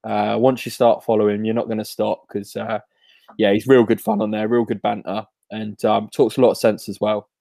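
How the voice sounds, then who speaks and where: Dry-sounding podcast host. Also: male voice, fairly low pitch, level tone, brisk, vocal fry, warm tone, dry recording. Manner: jokey, matey banter. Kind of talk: casual chat.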